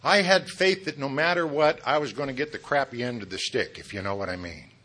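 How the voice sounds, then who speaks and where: A middle-aged man tells his story at a recovery meeting, turning his own failings into jokes. His voice is bright and forceful, and he keeps chuckling at his own lines. He throws asides straight at the listeners. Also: mid-range voice, a little fast. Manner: talks straight to the audience with asides. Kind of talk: humorous personal testimony.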